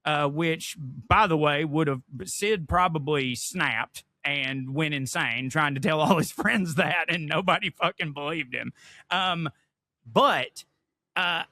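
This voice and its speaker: Profane, animated podcast co-host, bright and forceful male voice. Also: a little high, no room sound. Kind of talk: casual chat.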